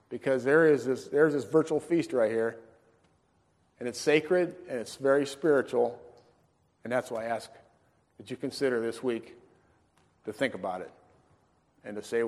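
A man preaching a storytelling sermon in a folksy, animated way, acting out the dialogue in his story. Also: medium pitch. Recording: long reverb in a large hall.

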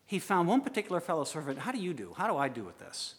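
A man preaching a sermon, swinging from loud urging to hushed asides. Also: a little high, wildly swooping pitch, fast talker, a little hiss or hum. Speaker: pastor. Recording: long hall reverb.

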